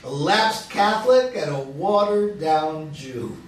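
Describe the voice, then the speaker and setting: A man's voice: a little high, expressive, takes it slowly. A man reading the role of a chatty, joking older man in a virtual play reading, over an echoey, distant video call. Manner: jokey, chatty, laughs at his own lines.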